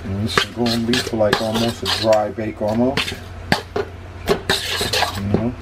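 A man with a Philadelphia accent talks his way through cooking in a loose, chatty vlog manner, often circling back to the same phrase. His voice sits on the low side. Steady background noise runs under the recording. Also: a little slow. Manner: laid-back, chatty, repeats himself. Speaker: cooking vlogger.

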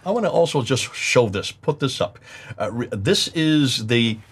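A man's voice: medium pitch, lively intonation, a little slow, slightly rough. A middle-aged man presenting a lecture-style discussion, emphatic, repeating key words and explaining with examples. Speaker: presenter teaching on manuscript history.

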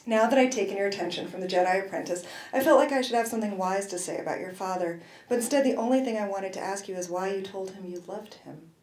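A woman's voice: medium pitch, fast, few pauses, darkish tone, echoey room, low-quality recording. A woman author reading aloud from her novel at a university event, in a wry first-person voice with brief asides.

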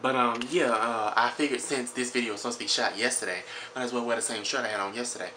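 A man's voice: mid-range voice, steady tone, fast, pushed and bright, a little hiss or hum. A young man, chatting casually to a handheld camera at home, rambling with lots of ums and restarts. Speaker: vlogger. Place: at home, in his kitchen. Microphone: handheld phone or camera at arm's length.

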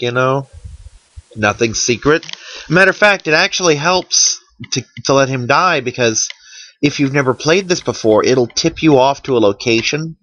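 A man's voice: medium pitch, fairly bright tone, muffled recording. A man giving casual, wry commentary over a game he is playing, sounding worn out. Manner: chatty, wry, tired and yawning. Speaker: let's play commentator.

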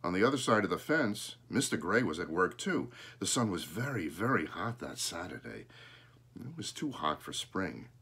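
A man reading a children's storybook aloud, pausing now and then to point out the pictures. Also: low voice, big pitch swings, pushed and bright, breathy edge.

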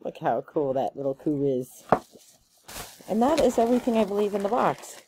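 A woman chatting casually through a gift box unboxing, gushing and excitable, with plenty of ums and likes. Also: medium pitch, normal speed, background noise. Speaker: unboxing vlogger.

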